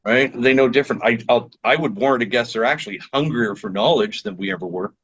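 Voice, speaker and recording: A man's voice: medium pitch, animated, a little fast, creaky, fairly bright tone, husky, highs cut off. A man, a fire chief, speaking as an interview guest in a reflective, thoughtful way with hesitant fillers. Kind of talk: conversational interview.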